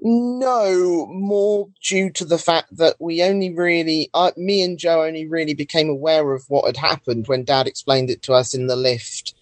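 A man's voice: on the high side, normal speed, few pauses, no echo. Young man, easygoing brief answers, dry close sound. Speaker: guest, wheelchair user. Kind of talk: podcast interview.

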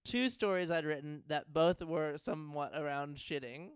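Smooth-voiced man, jokey banter. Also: fairly high pitch, normal speed, no room sound. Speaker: podcast co-host. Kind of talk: casual chat.

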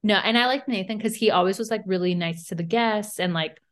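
A young woman co-hosting a podcast, chatting casually about reality TV in a blunt way, with frequent swearing. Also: medium pitch. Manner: blunt, swearing, quick asides. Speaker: podcast co-host.

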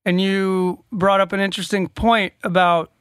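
A man's voice: sits high, little pitch movement, moderate pace, fairly bright tone, clear, resonant tone, no echo, clean studio sound. A man co-hosting a casual talk show, asking questions and often repeating words as he gathers his thoughts. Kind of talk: casual chat.

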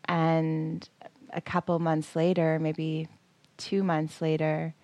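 A woman in her forties co-hosts a podcast, telling a personal story in a casual, animated way, acting out quotes and using frequent fillers. Her voice is low-pitched and slow, with no echo in the recording.

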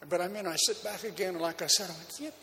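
A man preaching a sermon, telling a personal story in an animated, folksy way, with frequent laughs and fillers. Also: sits high, fast, slight background noise. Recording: long hall reverb, faint background ambience.

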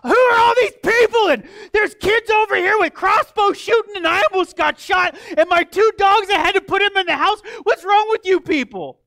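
A man's voice: vocal fry, bright, forceful tone, exaggerated voice. A man voicing an angry elderly woman neighbor who shrilly accuses and complains. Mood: outraged. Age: 70s. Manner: shrill, indignant, rapid complaints.

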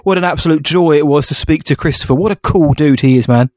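Chatty podcast co-host. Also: male voice, fairly high pitch, fast, darkish tone, no room sound, studio quality. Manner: chatty, self-deprecating. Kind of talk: casual podcast chat.

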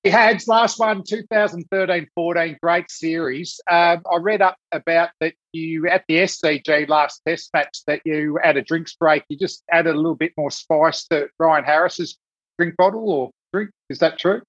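A man's voice: on the high side, steady tone, normal speed, fairly bright tone, dry recording. A man with an Australian accent hosting a podcast, asking eager, chatty questions. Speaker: podcast host. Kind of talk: casual podcast interview. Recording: dull lo-fi audio.

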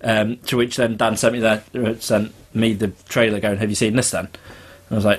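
A man's voice: fairly low pitch, flat delivery, brisk. Man rambling through a casual story. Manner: rambling storyteller, full of fillers. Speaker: podcast co-host. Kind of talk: casual chat.

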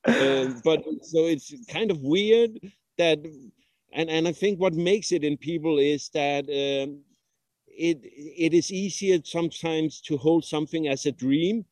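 A middle-aged man from Denmark, speaking thoughtfully in a casual interview, pausing often with "uh". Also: a little high, a little mellow, no echo. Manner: thoughtful, with frequent "uh" pauses and small slips. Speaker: guest, traveling father.

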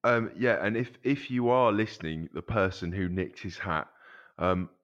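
A man co-hosting a casual football podcast, talking in a halting way with many ums. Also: lowish voice, fairly bright tone. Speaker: podcast co-host. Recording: dull lo-fi sound.

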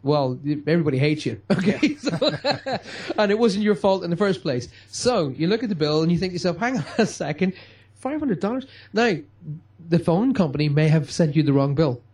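A man's voice: a little high, animated, moderate pace, darkish tone, slightly rough. A man giving an emphatic motivational talk, acting out quotes in a radio-style chat. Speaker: guest speaker.

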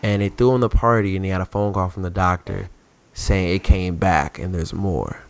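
A man chatting casually about sports as a podcast co-host, telling stories in an animated, slangy way. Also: low voice, normal speed, vocal fry.

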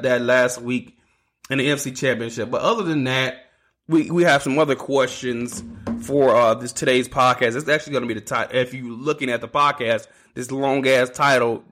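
A man's voice: medium pitch, fairly bright tone. A man hosting a solo sports podcast, ranting casually with lots of swearing and restarts. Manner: ranting, profane, restarts a lot. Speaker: podcast host.

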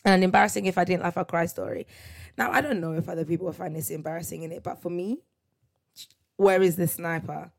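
A woman's voice: fairly low pitch, fairly even intonation, racing, creaky. A young woman, chatting casually as the host of her own solo podcast. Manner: chatty, laughing, tag questions like "you get me?". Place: parents' house.

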